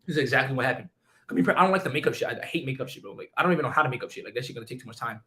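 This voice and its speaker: A young man on a stream tells a story at breakneck speed in a bright, sharp voice. His slang is profane, and he keeps repeating himself and restarting lines. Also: mid-range voice, expressive, very fast.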